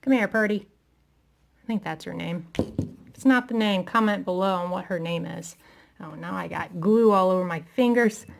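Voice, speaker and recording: A woman's voice: fairly low pitch, moderate pace, creaky, a little hiss or hum. A woman chatting casually through a craft tutorial, talking to herself as she works, self-deprecating and a little out of breath.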